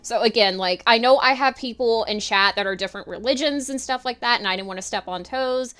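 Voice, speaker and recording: A woman's voice: fairly high pitch, fairly quick, a bit bright, clear, resonant tone, soft background music. A woman streamer giving a rambling, giggly, casual commentary as she draws, swearing freely. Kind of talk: casual livestream commentary while drawing.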